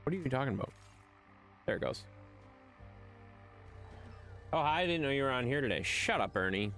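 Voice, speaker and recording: Lively, chatty male livestreamer. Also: medium pitch, normal speed, soft background music. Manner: chatty, teasing, rambling with restarts. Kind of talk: casual live-stream chat.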